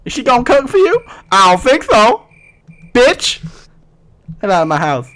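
A man putting on the voice of a loud, jealous wife scolding her husband in a sassy, shrill way during a game recording. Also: wildly swooping pitch, moderate pace, full character voice.

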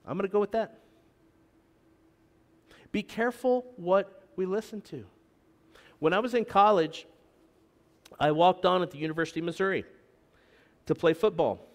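A man's voice: high-pitched, moderate pace, long pauses, long reverb tail. A middle-aged man preaching a sermon as pastor, with joking asides to the congregation. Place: church sanctuary.

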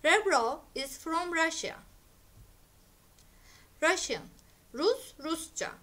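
Woman teacher, high bright voice, slow deliberate vocabulary drill for kids. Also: animated. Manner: clear, deliberate, repeating each word for learners. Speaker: English teacher. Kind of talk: slow vocabulary drill, English word then Turkish meaning.

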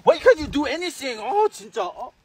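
A man's voice: very high-pitched, very animated, quick pace, creaky, darkish tone, voice pushed up, exaggerated voice. A man voicing a bossy middle-aged Korean immigrant dad with a Korean accent and broken, exaggerated English. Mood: nagging.

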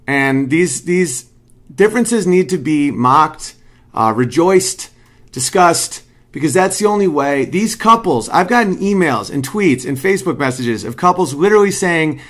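A man's voice: on the high side, lively intonation, moderate pace, fairly bright tone. A man at home casually talking through why his stand-up joke works, rambling and analytical. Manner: rambling, analytical, picks up intensity when making his point. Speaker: comedian explaining his own bit. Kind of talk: casual commentary.

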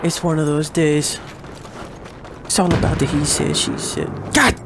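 Over game gunfire, explosions, artillery and vehicles, a man who hosts a gaming channel commentates his own shooter play, crude and joking at his own expense. His voice is slightly high and gravelly, with fairly even intonation and a slightly slow pace, and there's background noise.

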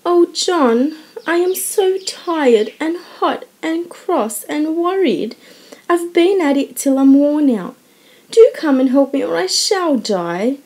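Reader doing a petulant young wife, pitched well up, mellow tone, audiobook. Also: female voice, very animated, measured pace. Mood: tearful. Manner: high, distressed and pleading. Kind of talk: audiobook character voice.

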